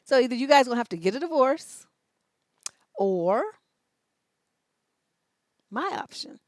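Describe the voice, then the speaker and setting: Blunt, profane woman with a high voice. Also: sing-song, unhurried, dry recording. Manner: blunt and profane, joking, reads questions aloud. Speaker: relationship coach answering viewer questions. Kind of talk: casual livestream advice chat.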